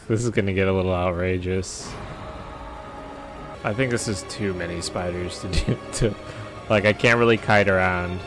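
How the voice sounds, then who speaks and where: A man's voice: deep voice, fairly even intonation, normal speed, fairly bright tone, soft background music. A young man streaming a game, reacting with profane jokes and sudden yelps. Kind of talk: gameplay commentary.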